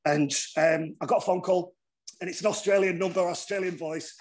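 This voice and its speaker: A middle-aged man with a northern English accent, a former rugby player telling stories in a casual interview, animated and swearing freely. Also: high-pitched, fairly quick. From northern England. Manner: animated, swears freely, acts out voices in anecdotes.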